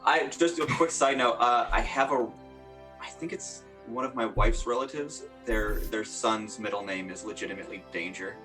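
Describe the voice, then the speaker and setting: A man's voice: medium pitch, moderate pace. A man running a tabletop game session, joking and teasing the players. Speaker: game master. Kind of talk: casual tabletop chat. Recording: faint background music.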